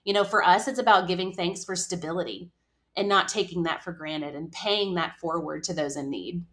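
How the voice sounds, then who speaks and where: A woman giving earnest, reflective answers as a podcast guest, pausing now and then to gather her thoughts. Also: on the low side, fairly bright tone. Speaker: podcast guest, charity program leader. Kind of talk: interview answers.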